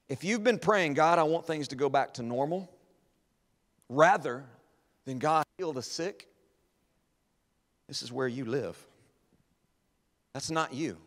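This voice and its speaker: A man preaching a sermon as an evangelist, swinging between loud emphatic lines and hushed quiet ones. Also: mid-range voice. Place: church hall. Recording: long church hall reverb.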